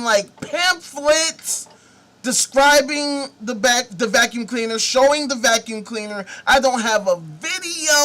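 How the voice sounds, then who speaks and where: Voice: mid-range voice, sharp tone. A host delivering a profane comedic rant, sarcastic and mocking, swearing freely.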